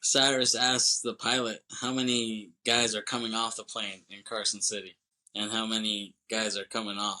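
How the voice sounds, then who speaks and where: Bright-voiced man rambling through a movie recap. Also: lowish voice, flat delivery, moderate pace. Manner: rambling, laughs often, acts out quoted lines. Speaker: podcast co-host.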